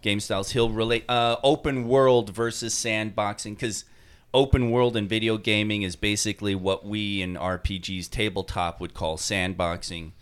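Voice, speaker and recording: Smooth low New York man. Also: steady tone, normal speed. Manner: rambling, enthusiastic explainer with many fillers. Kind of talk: casual chat.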